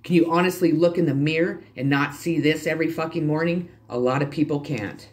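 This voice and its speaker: A man with a slightly high voice delivers a spiritual tarot reading straight to his viewers. He preaches bluntly, swears freely, and hammers his points home by repeating them. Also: a little fast. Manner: emphatic and repetitive, addresses viewers directly. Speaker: tarot reader and channel host.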